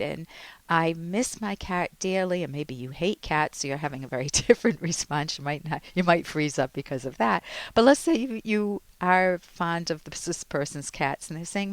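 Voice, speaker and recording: A woman psychologist hosts an advice radio show in a calm, teaching tone. Her voice sits at a middle pitch and is recorded close and dry in a studio, with no room sound behind it. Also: dry recording. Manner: calm, instructive, gently explaining.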